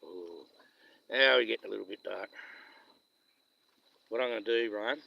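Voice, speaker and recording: A man's voice: lowish voice, normal speed, gravelly, muffled recording. A man with a Western Australian accent chatting and telling stories on a live stream while fishing outdoors, rambling and chuckling as he goes. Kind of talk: casual live-stream chat.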